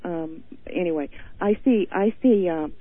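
A man's voice: high voice, unhurried, no room sound. A man from Montana calling in to a radio show, chatting in a campy, flamboyant way and calling people honey. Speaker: caller. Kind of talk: phone-in chat. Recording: tinny phone line.

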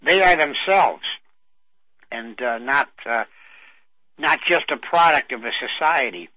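A man's voice: medium pitch, animated, measured pace, no room sound. An older man co-hosting a radio show, reminiscing in a rambling way with many fillers. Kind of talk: casual radio chat. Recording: dull dry radio audio.

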